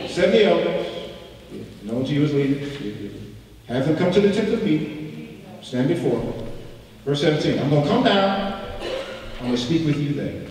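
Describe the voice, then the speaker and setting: A male pastor preaching a sermon, swinging from soft asides to shouts and repeating phrases for emphasis. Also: a little high, very animated, normal speed, long pauses, crowd noise. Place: church sanctuary. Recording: echoey church hall, distant mic.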